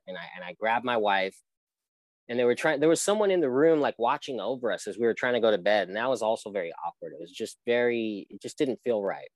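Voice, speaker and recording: Man, low voice, dry close sound, earnest rambling testimony, young adult guest. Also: animated, fast talker, dry recording, poor audio. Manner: rambling, earnest storytelling with frequent restarts. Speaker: interview guest. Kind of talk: personal testimony in a casual interview.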